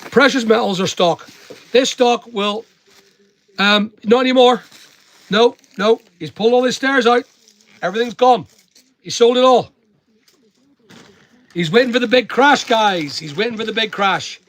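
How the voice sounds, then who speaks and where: His voice is very high and a bit bright, a little slow, with frequent pauses. He's a middle-aged livestream host and online seller from Northern Ireland, casually dispensing blunt, preachy financial advice between replies to comments.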